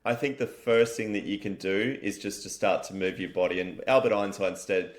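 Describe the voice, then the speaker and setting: An Australian man, a wellness company founder, talking as a guest in an energetic, matey interview style and swearing casually. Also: lowish voice, normal speed.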